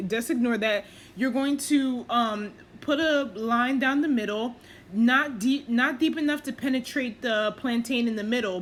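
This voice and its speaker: A woman's voice: a little high, fairly bright tone, a little hiss or hum. A woman talking casually over her cooking video, chatty and self-deprecating, with plenty of fillers as she explains each step. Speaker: cooking vlogger.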